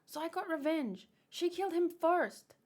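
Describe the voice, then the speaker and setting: A woman's voice: very high-pitched, lively intonation, moderate pace, a little mellow, pitched above the performer's own voice. A woman voicing a defiant, vengeful young girl soldier in a manga read-aloud.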